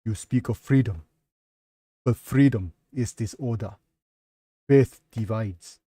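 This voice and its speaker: A man voicing a harsh, scornful male general in a storybook reading, speaking slowly and pointedly. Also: medium pitch, mellow, slightly rough, no echo. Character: sharp-tongued male military general.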